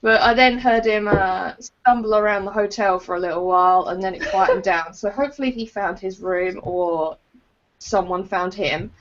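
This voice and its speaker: A woman's voice: medium pitch, normal speed. A woman, co-hosting a podcast, telling stories in casual chat and laughing often. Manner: laughs often, chatty storyteller. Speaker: podcast co-host. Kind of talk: casual chat over a call. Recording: dull lo-fi call audio.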